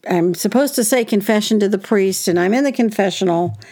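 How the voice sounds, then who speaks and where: A woman telling a personal childhood story in a lively, indignant conversational way, with wry asides. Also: mid-range voice, brisk. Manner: animated, indignant, with wry laughs and quoted voices.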